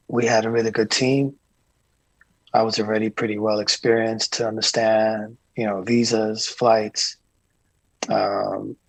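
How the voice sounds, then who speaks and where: A man being interviewed as a guest, a tour manager telling calm, earnest stories with frequent restarts. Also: on the low side, creaky, no room sound, rough recording. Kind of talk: casual interview chat.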